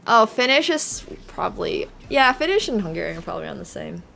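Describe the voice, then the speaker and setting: A woman's voice: mid-range voice, very animated, fast, gravelly, pushed and bright, slight background noise. A woman chess streamer chatting casually with her live viewers, leaning on "like" and laughing easily.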